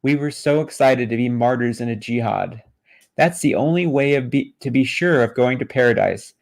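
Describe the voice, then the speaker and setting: Brief: frightened fleeing man, flat reading by a man, gravelly, no accent. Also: mid-range voice, moderate pace, close to an everyday voice. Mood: distraught. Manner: flat read-aloud, no put-on accent.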